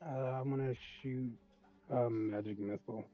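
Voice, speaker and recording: A man's voice: mid-range voice, fairly even intonation, normal speed, dull audio. A man playing a tabletop game from his living room, talking in a hesitant, mumbled way. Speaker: player. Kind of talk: casual chat in a game.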